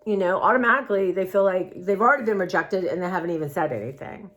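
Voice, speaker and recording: A woman's voice: on the low side, fast talker, a bit bright. A woman talking candidly in a personal vlog, rambling and heartfelt in a confiding way. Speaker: vlogger.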